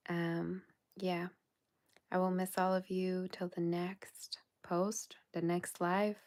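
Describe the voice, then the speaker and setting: Tired, soft-spoken woman with a gravelly voice. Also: fairly low pitch. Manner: soft-spoken, affectionate, often drops to a whisper. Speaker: tarot reader hosting a livestream. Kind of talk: casual livestream sign-off chat.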